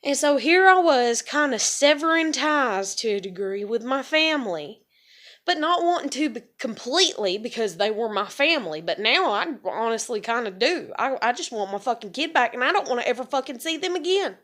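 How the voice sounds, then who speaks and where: Woman, 30s, high voice; furious profane venting monologue. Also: expressive, moderate pace, fairly bright tone. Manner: angry, profane ranting with sighs. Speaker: vlogger.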